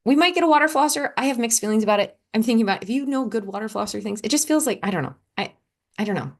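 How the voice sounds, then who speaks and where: A woman hosting her own podcast as a coach, talking casually and candidly, encouraging listeners with some swearing and lively shifts in tone. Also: a little high, rapid-fire. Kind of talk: casual solo podcast talk.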